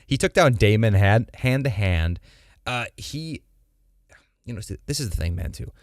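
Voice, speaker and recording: Low-voiced joking guy, dry mic. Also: animated, moderate pace, no room sound. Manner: joking, slangy, lots of fillers. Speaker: podcast co-host. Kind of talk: casual chat.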